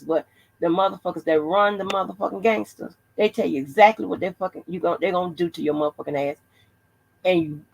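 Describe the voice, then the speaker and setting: Gravelly, blunt woman vlogger. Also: lowish voice, low-quality recording. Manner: profane, blunt, rambling with restarts. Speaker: channel host. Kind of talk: casual commentary vlog.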